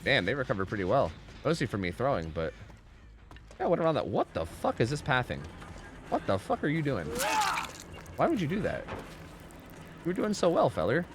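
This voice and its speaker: A man's voice: medium pitch, wildly swooping pitch, a little fast, long pauses, over music. A man streaming a game live, giving casual commentary, swearing often and chatting with his viewers. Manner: laid-back, swears often, chats with viewers.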